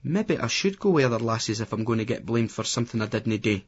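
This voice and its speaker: A man's voice: medium pitch, animated, fast talker, husky, dull audio. A man with a Scottish accent voicing a brash young lad who rants and swaggers. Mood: ranting. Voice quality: ranting, swaggering.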